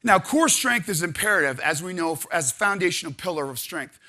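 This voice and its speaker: A man leading a live audience through stretching and partner exercises, coaching energetically and counting out loud. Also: sits high, expressive, a little fast. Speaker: exercise instructor. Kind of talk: live workshop exercise instruction. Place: conference room with audience.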